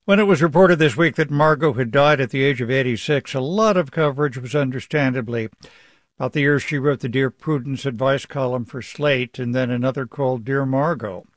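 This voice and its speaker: A man's voice: mid-range voice, brisk, dry recording. A man hosting a radio news program, asking questions and reading a wry, affectionate essay. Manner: warm, wry storytelling.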